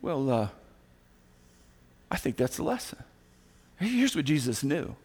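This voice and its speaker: A male pastor preaching a sermon, animated and conversational, acting out quoted voices with quick asides. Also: mid-range voice, slightly rough. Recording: recorded sermon audio.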